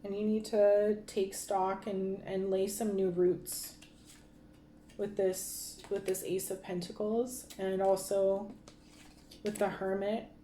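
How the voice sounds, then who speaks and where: A woman's voice: medium pitch, level tone, slow, dark tone, roomy sound, a little hiss or hum. A woman giving a casual tarot card reading, talking in a rambling way with many fillers and restarts. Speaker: tarot reader.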